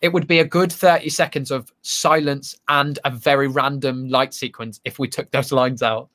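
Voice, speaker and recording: A man's voice: medium pitch, steady tone, normal speed, fairly bright tone. A man, a stage actor, chatting casually in an interview, self-deprecating and full of restarts. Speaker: actor guest.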